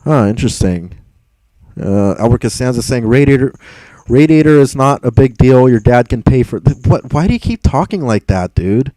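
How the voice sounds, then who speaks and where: A man's voice: medium pitch, animated, normal speed, warm tone, no echo, rough recording. A young man hosting a casual livestream, reading viewer comments aloud in a rambling, exasperated way, swearing and laughing often. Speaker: livestream host reading chat.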